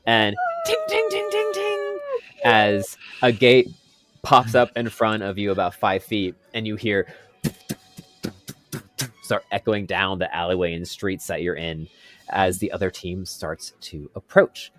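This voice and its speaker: A man narrating a tabletop game as game master in a relaxed, rambling way with fillers. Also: low-pitched, unhurried, faint music behind.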